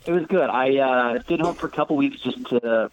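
A man hosting a casual chat who chimes in with quick agreement and teasing remarks. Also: medium pitch, rough recording. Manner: quick supportive interjections and ribbing.

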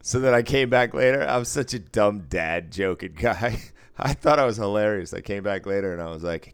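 A man's voice: fairly low pitch, animated, moderate pace, hardly any pauses, smooth, dry recording. A man co-hosting a casual podcast chat, telling jokey stories, laughing often and swearing casually.

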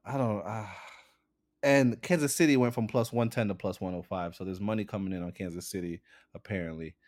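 A man's voice: fairly low pitch, steady tone, brisk, darkish tone, dry recording, clean studio sound. A man co-hosting a sports podcast in a laid-back casual way, going over betting lines. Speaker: podcast co-host.

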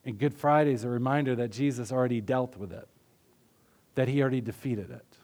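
A man preaching a sermon in an earnest, conversational way, often dropping his voice softly. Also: medium pitch, a little fast. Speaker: pastor.

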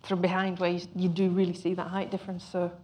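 A woman's voice: fairly low pitch, monotone, fast talker, a little mellow. A woman director speaking on a panel discussion, thoughtful and often restarting her sentences.

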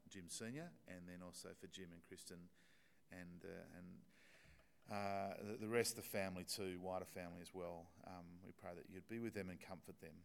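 A man's voice: low voice, creaky, clean tone. A man with an Australian accent, a pastor giving an evening sermon with a prayer, telling stories in a conversational, self-deprecating way with many fillers. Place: church.

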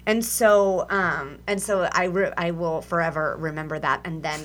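A middle-aged woman hosts a relaxed radio conversation, joking and chiming in with agreement. Her voice sits somewhat low for a woman. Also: normal speed. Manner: playful, affirming, lots of yeahs. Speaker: radio host. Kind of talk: casual radio chat.

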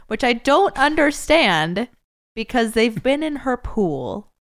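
A woman's voice: mid-range voice, expressive, unhurried, fairly bright tone. A woman co-hosting a podcast, wryly picking apart a film's logic in casual chat. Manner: wry, pointed critique with laughter. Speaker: podcast co-host. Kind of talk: casual movie-riffing chat.

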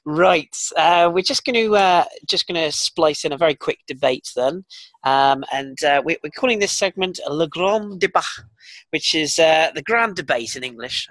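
A man hosting a football podcast, who introduces segments in a brisk, joking manner. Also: on the high side, fairly bright tone, no echo. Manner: brisk, jokey, leads segments. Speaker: podcast host.

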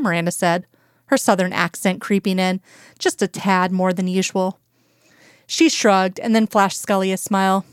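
Smooth, clear woman narrating a story. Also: mid-range voice, steady tone, moderate pace, dry recording, studio quality. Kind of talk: audiobook narration of fan fiction.

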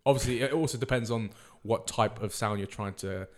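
Man, podcast guest, low voice, quick casual delivery, swears and nitpicks. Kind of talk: casual quiz banter.

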